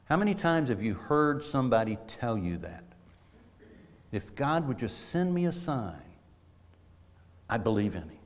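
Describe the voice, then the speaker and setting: A middle-aged man delivers a casual, story-driven sermon in a low voice. He talks in a folksy way, often restarting his sentences. His voice carries the long reverb of a church sanctuary. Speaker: preacher. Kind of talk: conversational sermon.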